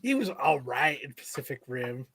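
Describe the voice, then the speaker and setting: A man's voice: medium pitch, big pitch swings, normal speed, fairly bright tone, slightly rough, no room sound. A man co-hosting a casual comic book podcast, reading news and joking with crude language. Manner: profane, joking, reads news aloud. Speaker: podcast co-host.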